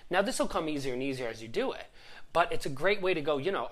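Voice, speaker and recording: A motivational life coach talking conversationally, with a voice that rises and falls a great deal. The delivery is animated and chatty, and it keeps checking in with the listener with a quick "right?". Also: medium pitch. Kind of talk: motivational talk.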